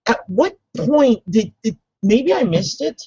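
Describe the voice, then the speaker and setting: Brief: sarcastic co-host, husky voice, dry dull recording. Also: mid-range voice, big pitch swings, measured pace, mellow, no room sound. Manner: ranting, sarcastic, swears. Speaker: podcast co-host. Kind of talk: casual chat.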